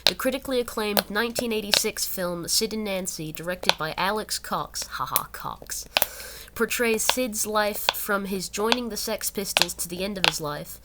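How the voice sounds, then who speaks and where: A woman's voice: medium pitch, normal speed, few pauses. A young woman reading an article aloud and breaking off into rambling, self-correcting asides. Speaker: channel host. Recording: loud background noise.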